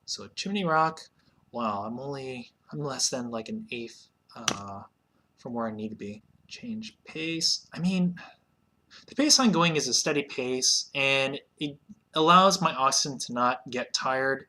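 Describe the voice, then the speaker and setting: A man casually commenting on his play of an old computer game, chatty, with sudden excited shouts. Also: medium pitch, measured pace. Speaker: let's play host.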